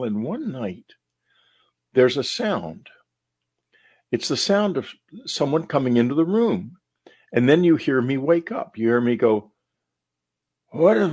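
An older man hosting a show, speaking in an earnest, musing monologue full of rhetorical questions, with a husky voice. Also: medium pitch, a little mellow. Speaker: podcast host. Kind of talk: reflective monologue.

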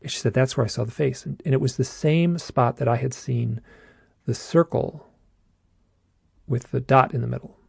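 Gravelly man telling a strange story. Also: mid-range voice, no room sound, studio quality. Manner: halting, restarts often, says "like" a lot. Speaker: guest telling his own story. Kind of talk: casual storytelling.

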